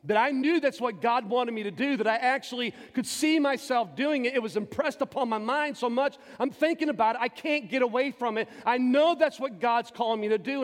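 A man in his forties, a pastor, giving an impassioned personal testimony from the pulpit, swinging between loud and hushed. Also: very high-pitched, brisk, hardly any pauses. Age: 40s. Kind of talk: sermon. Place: church sanctuary. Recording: long church reverb with faint music.

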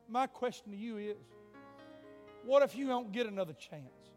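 Male preacher, revival sermon, dramatic hushed-to-shouting delivery, faint music underneath. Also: high-pitched, expressive, normal speed, pauses often. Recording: long hall reverb, faint music.

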